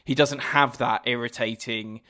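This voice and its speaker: A man's voice: mid-range voice, fairly even intonation, a little slow, pushed and bright. A man co-hosting a casual podcast, conversational as he agrees and asks questions. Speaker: podcast co-host.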